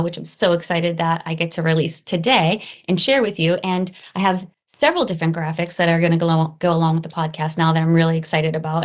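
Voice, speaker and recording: A middle-aged woman hosts a reflective solo podcast. Her voice sits on the low side for a woman. She talks earnestly and checks in with the listener by adding "right?" and "you know.". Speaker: podcast host.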